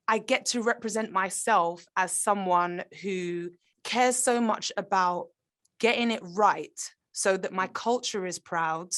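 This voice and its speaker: A woman's voice: on the low side, a bit bright. A woman, an actor, talking in a conversational interview, earnest and reflective, often restarting her sentences. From Britain.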